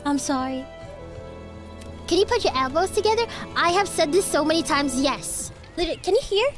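A woman's voice: high voice, expressive, fairly quick. A sick, coughing woman streamer chatting casually with viewers as she plays, giggly and swearing a lot. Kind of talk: casual live-stream chat while gaming. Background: game music.

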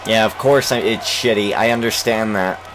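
A young man giving let's play commentary on a baseball game, swearing and shouting in frustration at his team. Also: fairly low pitch, steady tone, moderate pace, noisy background. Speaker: gaming channel host.

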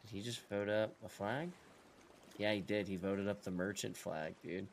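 A man's voice: on the low side, moderate pace, gravelly, a little hiss or hum. Laid-back man in casual gaming banter. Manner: relaxed, profane banter while planning pranks. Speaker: streamer.

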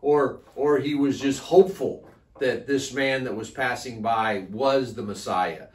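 A man's voice: medium pitch, a little slow. Man reflecting on scripture, echoey room. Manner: reflective, starts with repeated "I think". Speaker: Bible study co-leader. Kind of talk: conversational Bible teaching. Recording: echoey room, distant mic.

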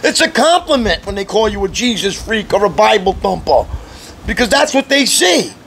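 High-voiced man preaching a casual sermon. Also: big pitch swings, normal speed, fairly bright tone, a little hiss or hum. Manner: conversational preaching with mocking quoted voices; clears throat often. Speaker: pastor.

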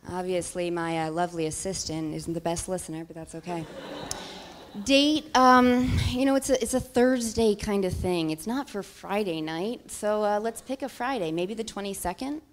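A woman's voice: medium pitch, normal speed, slight background noise. A woman presenting a coding project at a demo day, playful and joking as she fills in a live demo.

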